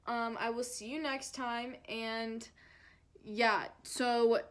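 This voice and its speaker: A woman's voice: on the high side, fairly even intonation, takes it slowly, a bit bright. A young adult woman telling a storytime vlog in a chatty, dramatic way, full of "like" and fillers. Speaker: vlogger.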